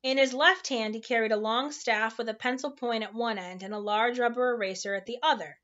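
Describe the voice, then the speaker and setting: A woman reading a children's novel aloud in a relaxed, informal way, tripping over hard words now and then. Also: mid-range voice, moderate pace, dull audio. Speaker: storybook reader.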